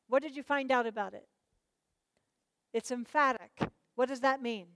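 A woman teaches a Bible study, her fairly high voice lively as she presses the class with questions. The sound is dry and close, with no room around it. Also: moderate pace, no room sound. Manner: animated, questions the class, prods them to answer.

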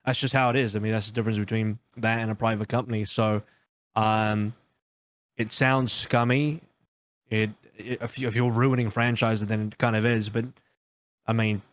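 A man on a casual podcast who talks his points through in a measured way, with fillers. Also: fairly low pitch, no echo. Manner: measured, reasoning aloud with fillers.

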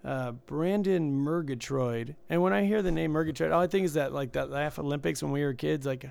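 A man with a heavy gravelly fry chats casually, joking and laughing often. His voice sounds close and dry, with no room around it. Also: fairly high pitch, a little fast, a little mellow, dry recording. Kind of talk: casual chat.

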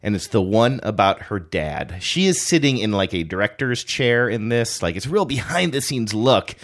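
A man's voice: fairly low pitch, very animated, normal speed. A man co-hosting a podcast, chatting casually in a rambling, joking way and saying he feels sluggish. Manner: rambling, joking, self-deprecating. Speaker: podcast co-host. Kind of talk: casual chat.

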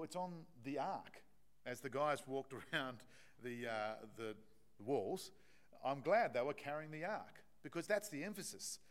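A man's voice: medium pitch, a bit bright. A man preaching a sermon to his congregation, talking in a conversational, emphatic way with frequent restarts and fillers.

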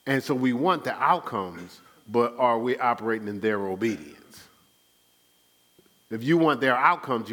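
A man's voice: medium pitch, fairly bright tone. A man preaching a sermon at his church, teaching in a loose conversational way and often asking the congregation to fill in the words. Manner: conversational preaching with call-and-response questions. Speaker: pastor.

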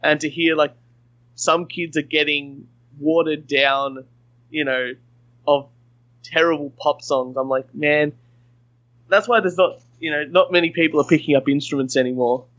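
A man's voice: fairly high pitch, moderate pace, a bit bright, dry recording, muffled recording. A man, chatting casually as a podcast guest in a rambling, frank way. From Australia.

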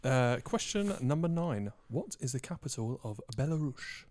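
A man's voice: mid-range voice, sing-song, moderate pace, darkish tone. A man hosting a casual podcast quiz, playful and teasing as he reads out the questions. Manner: playful, laughs often, teasing. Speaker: podcast host, quizmaster.

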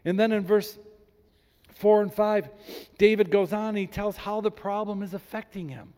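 A man preaching a sermon as a pastor, reading scripture aloud with emphasis and animated delivery. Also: high voice, moderate pace. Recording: long reverb in a large hall.

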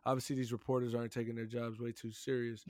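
A man's voice: medium pitch, little pitch movement, quick pace, a little mellow, dry recording. A man co-hosting a sports podcast, chatting casually and animatedly, joking and repeating himself. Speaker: podcast co-host.

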